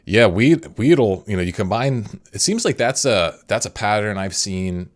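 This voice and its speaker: A man hosting an interview podcast, talking in a relaxed, rambling way with many fillers. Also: on the low side, moderate pace. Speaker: podcast host. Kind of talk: casual interview chat.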